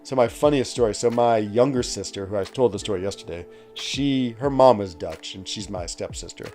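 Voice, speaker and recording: A man's voice: fairly low pitch, a little fast, a little mellow, faint music behind. A man from West Virginia, hosting a game livestream, telling stories in a rambling, chatty way with many fillers and laughs while reading out chat. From West Virginia, United States. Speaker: game streamer.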